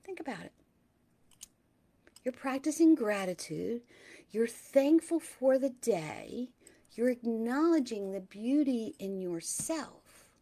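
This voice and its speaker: A middle-aged woman hosts a motivational spiritual talk. Her voice sits a little high, and she takes her time, unhurried. She speaks gently and sometimes sinks into a soft whisper. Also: expressive. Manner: slow, gentle, drops into soft whispers at times.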